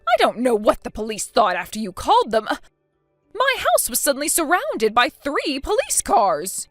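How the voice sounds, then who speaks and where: A woman's voice: sits high, huge pitch swings, moderate pace, fairly bright tone, dry recording, faint music behind, full character voice. A woman voicing a scheming, spiteful elderly grandmother in a texting story, talking defensively and full of self-pity. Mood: indignant. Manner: defensive, indignant, self-pitying.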